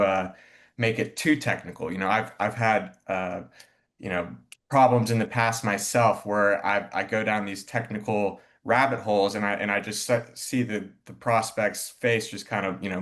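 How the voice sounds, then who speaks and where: A man on a panel asking a question in a halting way, often stopping to search for words. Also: lowish voice, fairly bright tone. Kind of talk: panel discussion.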